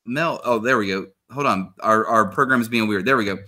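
A man's voice: fairly low pitch, brisk, bright, forceful tone. A man hosting a casual comedy podcast, reading listener answers aloud and laughing often.

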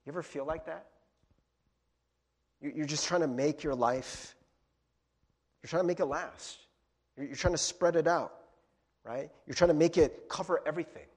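A man preaching a casual, conversational sermon as a pastor, animated and chatty, full of fillers and repeated words. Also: on the high side, normal speed, long pauses, breathy edge.

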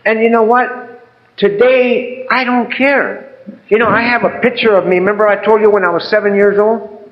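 A man's voice: high voice, normal speed, lo-fi sound. An older man giving a heartfelt, rambling personal testimony about his recovery, often adding "man" and "you know". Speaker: recovery speaker.

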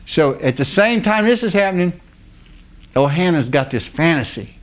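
A man delivering a sermon as a lively retold story, in a fairly high voice. He speaks colloquially, slips into the characters' voices, and breaks into laughter often. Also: moderate pace, slight background noise.

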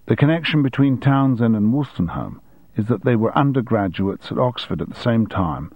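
A man voicing an efficient young woman assistant who reports facts briskly and precisely. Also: mid-range voice, expressive, dry recording, muffled recording. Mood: matter-of-fact.

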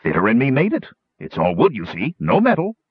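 A man's voice: mid-range voice, huge pitch swings, brisk, slightly rough, dry recording, dull audio. A man voicing a little male gnome tinkerer who talks in a chirpy, matter-of-fact way.

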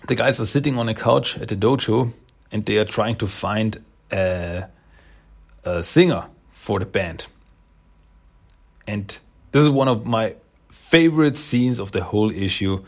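A man casually reading through a comic and reviewing it with enthusiasm, with many pauses and fillers. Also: fairly low pitch, creaky.

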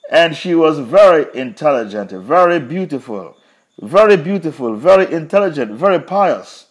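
A man's voice: on the high side, big pitch swings, normal speed. A man teaching a Quran commentary lesson, retelling a story with emphatic repetition.

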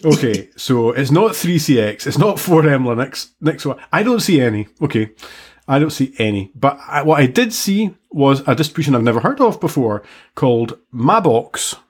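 A man with a slightly husky, breathy voice co-hosts a relaxed tech podcast. He chats casually, undercutting his own points with dry, self-mocking humour at a middle pitch. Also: normal speed. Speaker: podcast co-host. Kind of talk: casual chat.

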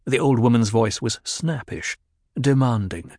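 A man narrating a novel in a measured, steady storytelling voice. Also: lowish voice, no echo, clean studio sound. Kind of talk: audiobook narration.

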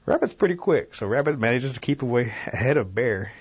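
A man telling a traditional folk tale in a relaxed, animated way, in a dull radio recording. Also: medium pitch, a little fast, breathy edge. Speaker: storyteller guest. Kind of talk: oral folk-tale storytelling.

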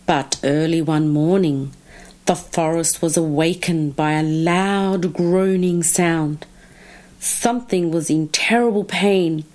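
Slow, expressive woman storyteller. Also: low-pitched. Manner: slow, expressive, drawn-out phrasing. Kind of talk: children's story reading.

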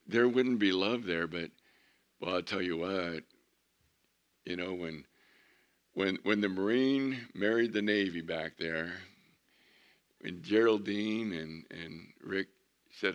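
A pastor delivering a sermon in a lowish male voice. He preaches with animation, rising to loud emphatic lines and dropping to near hushed asides. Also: a little slow.

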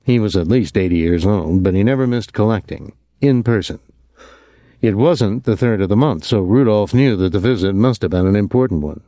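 Calm, low male audiobook narrator. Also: no echo. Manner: calm, measured reading. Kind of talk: scripted narration.

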